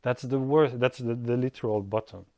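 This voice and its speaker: A man's voice: medium pitch, a little mellow, no room sound. Guy teaching art, chatty and thoughtful, keeps restarting, dead dry room. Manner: thoughtful, unhurried, many restarts and acted-out quotes. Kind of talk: casual podcast-style talk.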